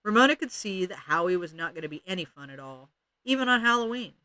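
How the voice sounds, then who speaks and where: Bright-voiced man reading a storybook. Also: high-pitched, quick pace, no room sound. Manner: expressive. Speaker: reader of children's book. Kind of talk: read-aloud storytelling.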